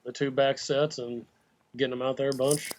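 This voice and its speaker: A man's voice: medium pitch, level tone, moderate pace, darkish tone. A man talking fantasy football picks over a video call, casual and opinionated. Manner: casual, opinionated, says "like" often. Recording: muffled call audio with faint noise.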